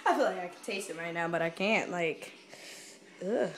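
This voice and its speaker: A woman vlogging casually from a home kitchen, excitable and dramatic, with squealing reactions. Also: lowish voice, moderate pace, roomy sound. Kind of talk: casual vlog chat.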